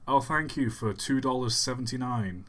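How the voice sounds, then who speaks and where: A man's voice: medium pitch, normal speed, fairly bright tone. A man hosting a live stream in a casual, chatty way, reading out viewers' messages and answering them offhandedly.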